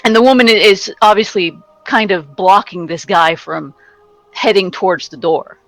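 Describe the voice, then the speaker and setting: A woman game master narrating a tabletop session in a relaxed, halting way, full of fillers and restarts. Her voice is of average pitch, recorded dry and close, with faint music underneath. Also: no room sound, rough recording.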